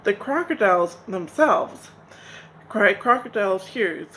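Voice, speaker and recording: A woman from Nigeria reading a folk tale aloud in a slow, gentle, expressive way. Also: mid-range voice, slight background noise, rough recording. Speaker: storyteller. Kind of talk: storybook narration.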